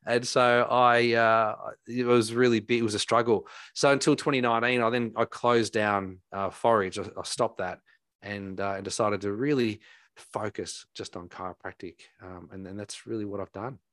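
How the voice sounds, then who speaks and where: A chiropractor tells his story in a low voice, rambling and animated, often restarting his sentences. The sound is dry and close, with almost no room around it. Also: normal speed, no room sound. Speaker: chiropractor guest. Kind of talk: conversational storytelling.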